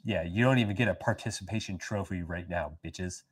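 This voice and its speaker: A young man with a lowish voice trades profane, joking banter as a podcast co-host. He talks casually, and his jokes often break into bursts of laughter. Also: a little fast. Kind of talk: casual chat.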